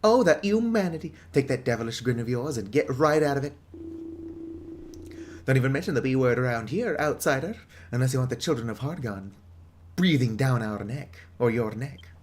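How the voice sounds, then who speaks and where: A man's voice: medium pitch, expressive, moderate pace, slight background noise, close to an everyday voice. A man voicing a chatty, gloomy older woman who runs a pub, in a put-on British accent with theatrical reading. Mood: gruff.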